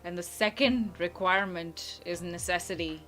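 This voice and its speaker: A woman's voice: lowish voice, moderate pace, a bit bright, faint music behind. Chatty blunt Indian woman giving advice. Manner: chatty, blunt, playful, laughs easily. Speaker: YouTuber answering viewer questions. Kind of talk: casual advice chat. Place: at home.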